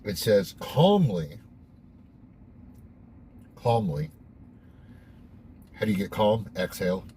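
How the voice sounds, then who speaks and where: Low-voiced man musing casually on faith. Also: unhurried, dark tone, slight background noise. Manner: candid, reflective, swears casually. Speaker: host. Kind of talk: casual devotional monologue.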